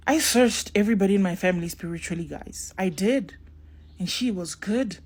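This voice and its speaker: A woman's voice: mid-range voice, normal speed, husky. A young woman tells a spiritual story casually to her viewers and acts out the dialogue. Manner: acts out dialogue in shifting voices, talks straight to viewers.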